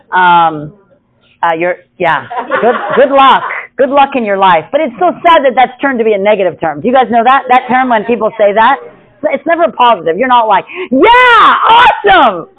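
A woman teaching a casual Bible study, chatty, with many asides and laughs. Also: medium pitch. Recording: tinny phone-like sound.

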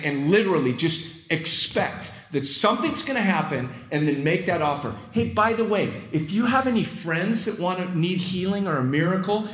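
A pastor preaching in a fairly high voice that sits a little above most men's. He tells his stories in an excited rush, starting over and repeating words as he goes. His voice rings around an echoey room. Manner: excited, fast storytelling with many restarts and repeated words. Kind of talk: sermon.

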